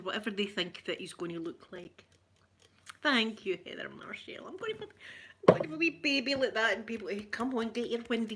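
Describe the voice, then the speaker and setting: A middle-aged Scottish woman hosts an ASMR livestream, chatting casually with viewers, greeting them by name and laughing often. Her voice is medium-pitched with a fairly bright tone.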